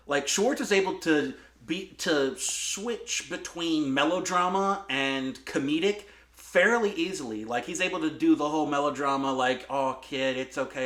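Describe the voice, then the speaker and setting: A man's voice: fairly high pitch, fairly bright tone. A man giving a casual spoken movie review, candid and exasperated, with lots of "like" fillers. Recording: echoey room.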